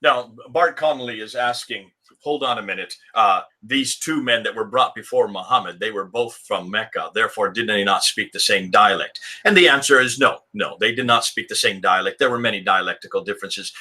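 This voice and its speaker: Bright, husky man explaining. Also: medium pitch. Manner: explanatory, measured, reads out viewer questions. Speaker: co-host. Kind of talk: live discussion stream.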